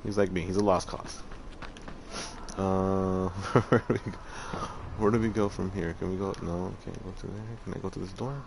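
A man with a lowish voice streams a game and chats loosely with his viewers, swearing freely and muttering to himself as he plays. Faint background ambience sits under his voice. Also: fairly even intonation, normal speed, vocal fry, background noise. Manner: chatty, profane, talks to chat while playing. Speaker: streamer playing a game and reading chat. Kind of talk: casual live-stream chat.

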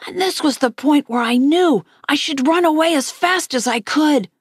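A woman reading a novel aloud, lifting her pitch slightly for the characters' lines. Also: normal speed, dry recording, clean studio sound. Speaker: audiobook reader.

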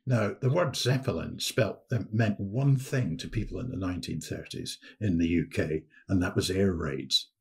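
Gravelly man telling a story. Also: sits low, normal speed, few pauses. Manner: lively anecdotal storyteller, frequent restarts. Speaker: historian guest. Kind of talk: storytelling in a podcast interview.

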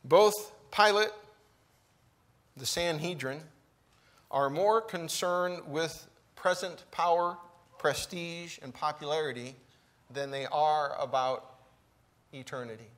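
A man preaching a sermon in a church, slow and emphatic, with deliberate pauses between phrases. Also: fairly high pitch, fairly even intonation, a bit bright. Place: church sanctuary.

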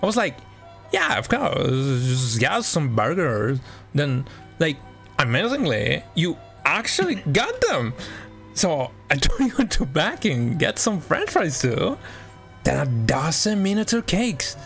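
A man's voice: fairly high pitch, wildly swooping pitch, slow pace, vocal fry, a bit bright, faint music behind, exaggerated voice. A man playing a snobby, catty valley-girl young woman in a game, drawling and mocking. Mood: chatty.

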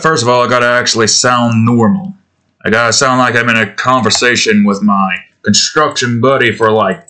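A man talks loosely to his viewers while he draws. His voice is bright and forward, at a middle pitch. He rambles, trips over his words and laughs at himself. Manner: rambling, self-deprecating, restarting. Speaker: art channel host. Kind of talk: casual chat while drawing.

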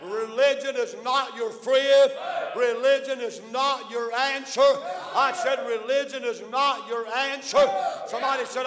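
A Southern American pastor preaching with a very high, strained voice, hammering home repeated lines with drawn-out "uh" fillers. He shouts through a long, ringing church hall reverb. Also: steady tone, crowd noise, background noise. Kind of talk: fiery evangelistic sermon. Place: church sanctuary.

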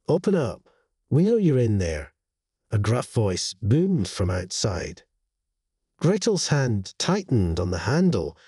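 A man narrating a horror story in a slow, grave storytelling manner with lively intonation, in a dry, close studio voice-over. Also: fairly low pitch, husky, no echo.

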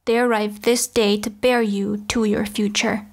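A woman's voice: medium pitch, level tone, unhurried. A woman voicing a proud, wrathful goddess who speaks in a cold, imperious, biting way.

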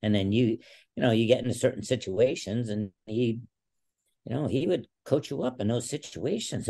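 A man in his sixties, a podcast guest, telling animated stories and acting out quotes. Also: lowish voice, moderate pace, vocal fry, pauses often. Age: 60s. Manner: animated storyteller who acts out quotes. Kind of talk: casual interview storytelling.

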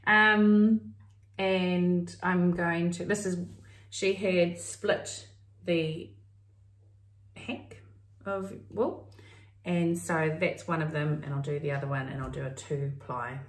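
A woman's voice: fairly low pitch, level tone, takes it slowly. A middle-aged New Zealand woman co-hosting a crafting podcast, chatting in a meandering way and thinking aloud. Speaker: podcast co-host. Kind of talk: casual crafting chat. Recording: roomy, mic at a distance.

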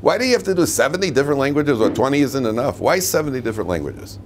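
A middle-aged rabbi teaches a room of students in a relaxed, joking way, often stopping to put questions to the class. His voice sits at an ordinary pitch for a man. A faint hiss of noise runs under the recording. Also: rapid-fire. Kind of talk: humorous classroom lecture.

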